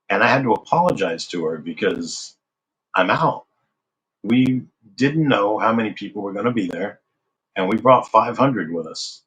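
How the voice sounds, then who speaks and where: Low-voiced man telling a story. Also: a bit bright, rough recording. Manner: conversational, acts out remembered dialogue. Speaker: interview guest. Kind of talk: casual storytelling.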